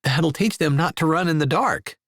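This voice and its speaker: Wry, teasing young woman, lifted pitch, voiced by a male narrator. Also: moderate pace, a bit bright, no echo. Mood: dry. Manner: dry, teasing.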